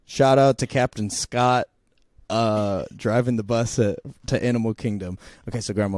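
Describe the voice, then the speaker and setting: A man's voice: on the low side, fairly even intonation, normal speed, darkish tone, no room sound, clean studio sound. Young man rambling through a funny story. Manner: rambling, laughing, many restarts. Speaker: vlogger. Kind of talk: casual storytelling chat.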